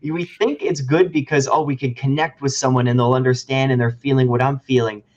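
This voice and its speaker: A man's voice: mid-range voice, steady tone, a little fast, darkish tone, dull audio. A man speaking as a podcast guest, candid and reflective in casual conversation. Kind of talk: casual interview chat.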